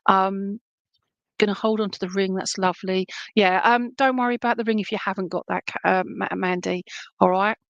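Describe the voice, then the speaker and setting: Gravelly-voiced woman medium. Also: medium pitch, steady tone, fairly quick, no echo, highs cut off. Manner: chatty, rambling, reassuring, keeps checking in with the listener. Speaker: spiritualist medium. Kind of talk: live clairvoyant reading.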